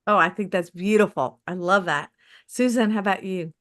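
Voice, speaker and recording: A woman's voice: medium pitch, normal speed, fairly bright tone. A woman with a Southern American accent from Mississippi, hosting a panel discussion in an effusive manner. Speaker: host.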